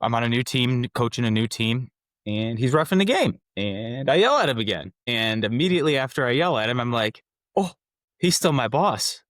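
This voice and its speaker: A man hosting a casual interview podcast, telling stories with lively acted-out dialogue. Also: medium pitch, brisk, no room sound, clean studio sound. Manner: animated storyteller who acts out quoted dialogue. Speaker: podcast host.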